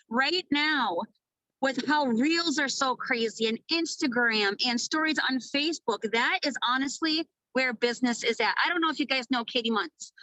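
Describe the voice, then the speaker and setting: Woman from Minnesota, thirties, sales team leader; bright, forceful delivery, a little high, dry close sound, casual and energetic. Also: normal speed, no room sound, poor audio. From Minnesota, USA. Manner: energetic, casual, swears freely. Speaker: network marketing team leader. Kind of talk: motivational training talk.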